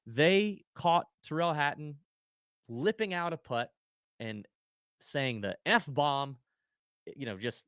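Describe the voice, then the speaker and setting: A male podcast host chatting casually and telling stories animatedly, with goofy sound effects thrown in. His pitch swings widely, and the recording is dry and close. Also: lively intonation, slow, long pauses, a bit bright, clean tone, no echo. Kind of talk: casual chat.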